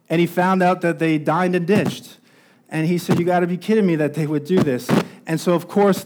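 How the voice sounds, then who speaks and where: A man's voice: high-pitched, a little mellow. A man preaching a sermon as pastor, telling a story and growing more intense as it builds. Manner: storytelling, rising intensity at climaxes.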